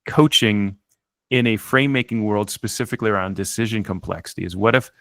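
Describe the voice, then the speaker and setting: A man being interviewed as an author, telling a story in an animated way and often restarting his sentences. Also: fairly low pitch, brisk, no echo. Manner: animated, acts out quotes, frequent restarts. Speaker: author and guest.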